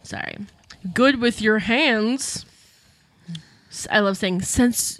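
A woman's voice: fairly high pitch, takes it slowly, fairly bright tone, a little hiss or hum. A woman co-hosting a podcast in casual chat, blunt and profane, often breaking into giggles. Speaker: podcast co-host.

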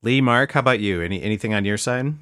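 A fairly low-voiced man hosts a movie podcast in a relaxed, affirming way, turning to his co-hosts for their views. His voice is recorded dry and close. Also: quick pace, no echo. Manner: easygoing, affirming, steers the talk. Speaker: podcast host. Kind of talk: casual movie-review chat.

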